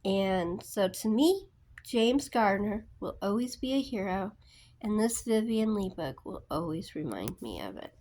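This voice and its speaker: A woman's voice: mid-range voice, big pitch swings, a little slow, noisy background. A woman telling a personal story in a casual book vlog, rambling with lots of fillers and restarts. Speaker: book vlogger.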